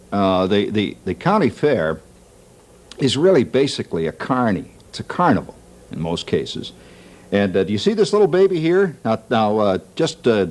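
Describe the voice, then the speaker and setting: Male TV host, lowish voice with lively swings of pitch, wry comic monologue in a studio. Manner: jokey, wry, laughs at his own jokes. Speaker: talk show host.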